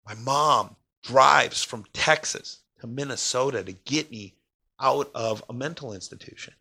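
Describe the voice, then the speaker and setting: A man telling a personal story of crisis in an emotional, halting way, his voice sinking quiet in the hardest parts. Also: creaky, husky. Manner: emotional, pausing, voice drops low and quiet in heavy parts.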